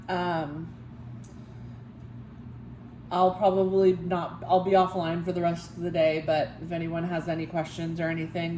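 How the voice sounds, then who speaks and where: Young woman vlogging, low voice, lots of "like", tired and soft, echoey room. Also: noisy background. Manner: rambling, many "like" fillers, soft and emotional. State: tired and sore after a procedure. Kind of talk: casual personal vlog.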